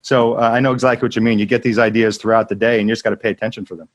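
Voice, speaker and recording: A man's voice: on the low side, fairly even intonation, very fast, dry recording. A man hosting a casual interview, talking in an easygoing way with frequent restarts. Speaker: podcast host.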